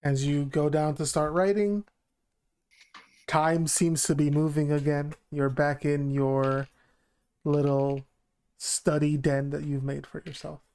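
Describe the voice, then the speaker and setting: A man's voice: fairly high pitch, little pitch movement, slow, darkish tone, clean tone. A man narrating a tabletop game as game master in a matter-of-fact way.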